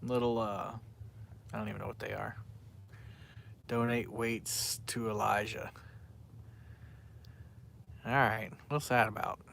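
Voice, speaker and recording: A man's voice: fairly low pitch, steady tone, slow pace, vocal fry, pauses often, fairly bright tone, a little hiss or hum. A man, chatting casually on a fishing live stream and reading out viewers' names in a rambling way. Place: outdoors by the water at night.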